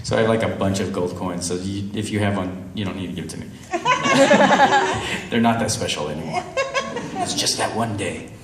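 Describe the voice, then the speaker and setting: A man in his thirties, a guest on a convention panel, tells a funny story to a live audience, laughing often and animatedly acting out the voices. His voice is low and brisk. The recording is very noisy, made in a roomy hall with the mic far away.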